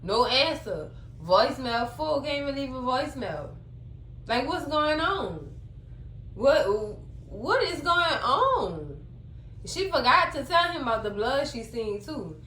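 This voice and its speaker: A woman's voice: sits high, sing-song, slow, fairly bright tone. A woman, chatting casually as she recaps a TV episode and acts out the characters' lines. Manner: chatty, dramatic, acts out quotes. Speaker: TV recap vlogger. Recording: echoey room, faint hum.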